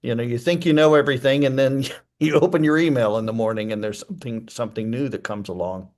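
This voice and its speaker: A male author guest talks fast in a mid-range, slightly mellow voice. During the casual interview he rambles thoughtfully and leans on fillers a lot.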